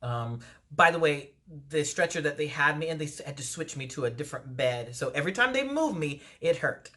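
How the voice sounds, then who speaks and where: A woman entertainer telling a personal story in a casual storytime vlog, animated and laughing often. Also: low voice, a little fast. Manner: animated retelling with frequent laughs.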